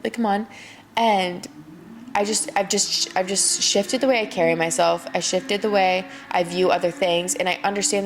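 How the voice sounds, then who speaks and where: A woman's voice: fairly low pitch, gravelly. A young woman hosting her own podcast, chatting casually and encouragingly about faith, tired late at night and leaning on "like" a lot. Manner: faith-driven motivational talk, heavy use of "like". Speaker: podcast host. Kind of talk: casual solo podcast chat.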